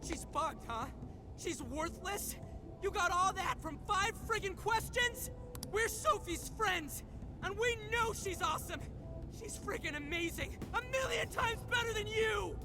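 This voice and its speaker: Hotheaded teen girl in a video game, real high voice, game music behind. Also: lively intonation, measured pace. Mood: angry. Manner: brash, shouts when angry. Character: fiery loyal teenage girl defending a friend.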